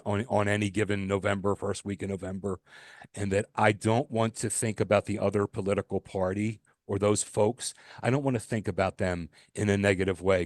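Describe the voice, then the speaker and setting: A man's voice: medium pitch, no echo, clean studio sound. Man ranting on a podcast. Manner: emphatic ranting, frequent restarts. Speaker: podcast co-host. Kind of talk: casual podcast chat.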